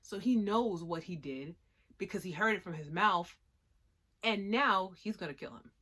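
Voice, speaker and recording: Expressive woman giving a casual review. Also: mid-range voice, normal speed. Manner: expressive, emphatic, swings from hushed to loud. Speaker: anime reviewer.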